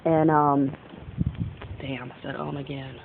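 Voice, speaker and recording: A woman's voice: extremely low pitch, flat delivery, slow pace, gravelly, narrow, tinny audio, slight background noise. A young woman from the northern United States talking in a rambling, casual vlog monologue, often jumping between topics and interrupting herself. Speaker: vlogger.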